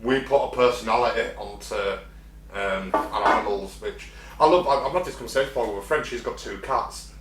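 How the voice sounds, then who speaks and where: A man's voice: fairly low pitch, a little fast. A man co-hosting a casual podcast chat, swearing, laughing and acting out animal voices. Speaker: podcast co-host. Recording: echoey room with faint hum.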